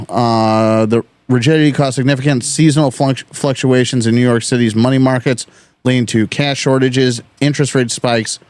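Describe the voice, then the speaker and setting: A man's voice: medium pitch, no room sound. A young man co-hosting a history podcast, chatting casually, swearing freely and reading from notes in stretches. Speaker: podcast co-host.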